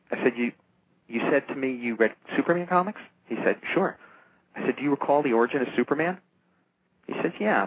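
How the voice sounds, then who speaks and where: An older man with a lowish voice spins long anecdotes, slipping into the voices of the people in them. He comes through a thin, phone-like line with a faint hiss behind him. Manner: animated storyteller acting out quoted voices. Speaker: interview guest, comic book producer. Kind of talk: storytelling in a casual interview. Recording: tinny phone-line sound with faint noise.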